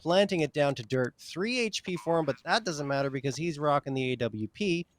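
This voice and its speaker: A man calling live esports play-by-play, quick and excitable, rising sharply at big plays. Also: fairly high pitch, a little hiss or hum.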